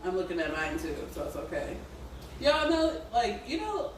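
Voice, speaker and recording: A woman chatting expressively with a lively, swinging pitch, often laughing and quoting others in a raised voice. She sounds far off the mic in a very reverberant room. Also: normal speed. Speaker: podcast co-host. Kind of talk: casual chat. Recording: very echoey room, distant mic, faint noise.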